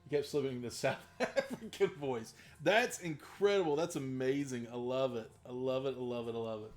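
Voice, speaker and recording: A tabletop game master streams a Q&A, his voice a bit high and expressive, his delivery a little slow. He laughs a lot and rambles with enthusiasm while taking viewers' questions.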